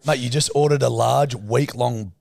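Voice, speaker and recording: Crude, teasing man with a gravelly voice. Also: medium pitch, normal speed, a little mellow, no room sound, clean studio sound. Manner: crude, teasing, laughs a lot. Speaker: podcast co-host. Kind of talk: casual banter.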